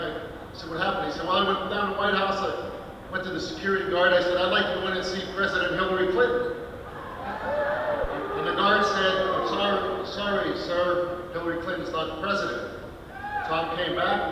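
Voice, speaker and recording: A man's voice: high voice, noisy background. A man telling a folksy joke at a political rally, with hesitant restarts, recorded from far off in an echoey hall. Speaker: congressman speaking at a rally.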